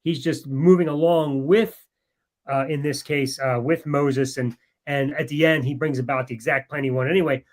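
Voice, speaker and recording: A man co-hosting a podcast in casual discussion, wry and quick to laugh, putting on voices to make his points. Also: on the high side, steady tone. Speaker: podcast co-host.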